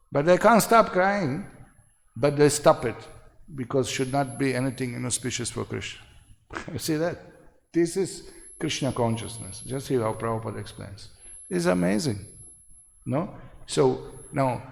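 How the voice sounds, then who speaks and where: A man's voice: mid-range voice, lively intonation, moderate pace, gravelly. A man giving a devotional seminar lecture, speaking emphatically, repeating phrases and often asking "no?". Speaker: spiritual seminar teacher. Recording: reverberant hall.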